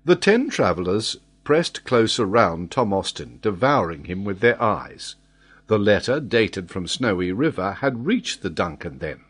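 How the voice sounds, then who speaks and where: A man narrating a classic adventure novel in a measured, expressive reading. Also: fairly low pitch, slightly rough. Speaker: audiobook narrator.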